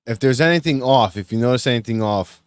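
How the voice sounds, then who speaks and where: A man co-hosting a podcast and running a guessing game, halting with fillers and laughing often. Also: medium pitch, smooth, no echo, clean studio sound. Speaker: podcast co-host running a quiz. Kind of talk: casual chat.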